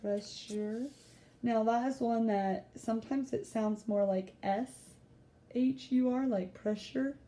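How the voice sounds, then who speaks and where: A woman teacher giving a recorded spelling lesson, explaining word endings in a relaxed way with casual fillers. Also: fairly high pitch, unhurried.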